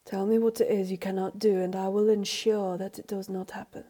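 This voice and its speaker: A woman reading a calm, firm manservant. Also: mid-range voice, fairly quick, natural voice. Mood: reassuring. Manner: firm and reassuring. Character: calm firm male servant, reassuring.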